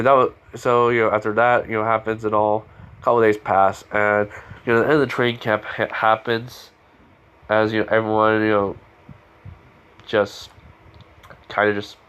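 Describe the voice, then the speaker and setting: A man's voice: on the low side, fairly bright tone, clear, resonant tone. Rambling man narrating a fan story. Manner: rambling, heavy with fillers and restarts. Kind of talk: casual improvised story narration.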